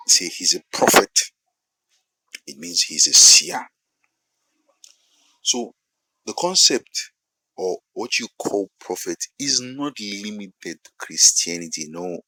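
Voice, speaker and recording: A man with a Nigerian English accent preaching a sermon-style monologue, repeating phrases for emphasis and building to loud peaks. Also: deep voice, big pitch swings, slow, pauses often, no room sound, rough recording.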